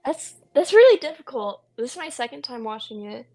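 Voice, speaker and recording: A woman's voice: on the high side, sing-song, fairly quick, a little mellow. A woman co-hosting a casual film podcast, talking eagerly with lots of ums. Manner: enthusiastic, chatty, lots of ums. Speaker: podcast co-host.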